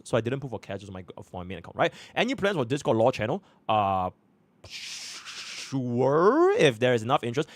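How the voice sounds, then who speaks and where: A young Singaporean man streams live, chatting casually, repeating filler phrases, and muttering to himself as he works through menus. His voice is medium-pitched, with no echo.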